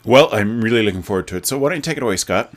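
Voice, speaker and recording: Deep-voiced man introducing a show. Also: animated, rapid-fire. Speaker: podcast network host.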